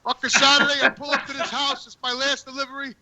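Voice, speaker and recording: A man's voice: very high voice, flat delivery, fast talker, heavy background noise. A man telling a crude comic story outdoors, profane and stammering over his words. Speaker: guest calling in. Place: outdoors on a work job.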